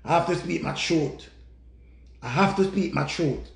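A Jamaican man tells a story on a live stream as a heated, repetitive rant and breaks into shouted outbursts. His voice sits high and has a gravelly edge. The sound echoes around the room. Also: unhurried.

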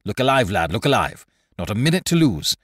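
A cool, commanding pirate captain voiced by a man snaps out brisk orders in a low voice. The storybook reading is dry and close. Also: very animated, breathy edge, no echo.

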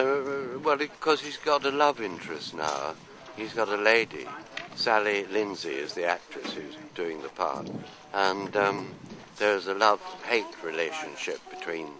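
An older man from London, telling anecdotes and answering interview questions in an unhurried, rambling way. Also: low voice, expressive, a crowd in the background, poor audio. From London, England. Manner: anecdotal, unhurried, trailing off into asides. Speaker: actor being interviewed. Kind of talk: casual interview chat.

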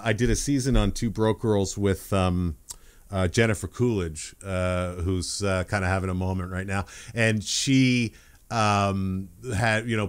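A man's voice: lowish voice, clean tone. A man hosting a podcast interview, enthusiastic and stammering, firing off quiz-style questions in casual chat. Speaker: podcast host.

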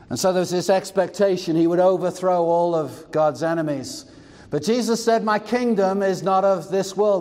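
A man's voice: high voice, a little mellow, big-room sound. A male pastor preaching a sermon in an emphatic, expository way with asides.

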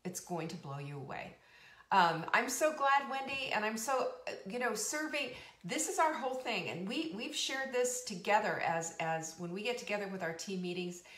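A woman in her fifties, the host of a live cooking and wellness show, talks at a medium pitch with a slightly bright tone. The live-stream chat is casual, bubbly and rambling, punctuated by laughs and emphatic repetition, and the recording has a roomy echo.

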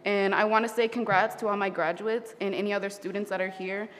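A young woman, a graduating student, reading her speech casually, a little halting, with light laughs. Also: mid-range voice, steady tone. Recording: reverberant hall with faint noise.

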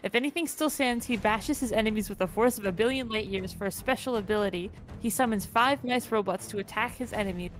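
A woman's voice: a little high, fast, few pauses, slight background noise. A woman co-hosting an online game night in casual chat, reading out character entries and laughing easily. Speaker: co-host of an online AI battle game.

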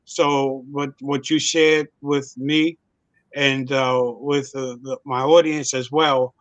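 A man hosts a laid-back conversation and often pauses on fillers. His voice sits in an ordinary middle range. The recording is dry, with no room around it. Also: mid-range voice, little pitch movement, fairly bright tone, no room sound. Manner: easygoing, many fillers. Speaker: host. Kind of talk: casual chat.

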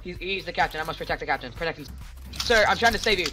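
A man voicing a dutiful male bodyguard sworn to protect his captain, speaking quietly and earnestly as a joke during a game. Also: animated, racing, close to an everyday voice. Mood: mock-solemn. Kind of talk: joking role-play while gaming. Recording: low-quality gameplay capture with noise.

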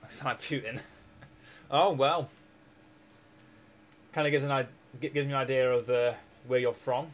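A young Scottish man, his throat sore, jokes around and rambles in casual chat while streaming a strategy game, laughing often. He speaks at a medium pitch and normal speed, with fairly even intonation and many pauses.

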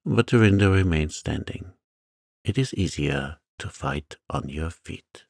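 Soft-spoken deep gravelly man reading a bedtime story. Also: expressive, measured pace, dry recording, studio quality. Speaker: narrator.

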